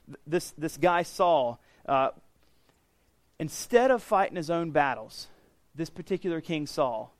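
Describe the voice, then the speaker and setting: A male preacher teaching through scripture, his voice sitting a touch high for a man. He talks in a loose, conversational way, paraphrasing the passage in everyday words and often restarting his phrases. The sound is close and dry, with no room echo. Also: lively intonation, unhurried. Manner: frequent restarts and repeated words. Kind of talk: sermon, Bible teaching.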